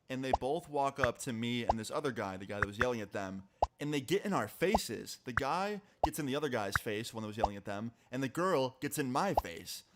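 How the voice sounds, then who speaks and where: Young man telling a story over loud noise. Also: mid-range voice. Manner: casual, animated, swears freely. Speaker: streamer. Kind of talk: storytime on a live stream.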